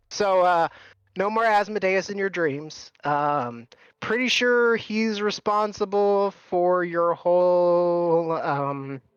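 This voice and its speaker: Man playing a blunt little gnome, offhand, slightly high voice, dry close sound. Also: slow, clean tone, no echo, dull audio. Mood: matter-of-fact. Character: small male gnome mystic, blunt and plucky.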